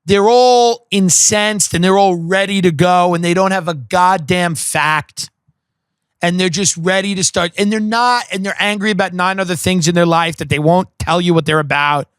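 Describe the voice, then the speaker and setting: A podcast host delivers a profane, sarcastic comic rant mocking the people he describes. His high voice is bright, clear, and resonant, with fairly even intonation at normal speed, captured in a dry, clean studio recording.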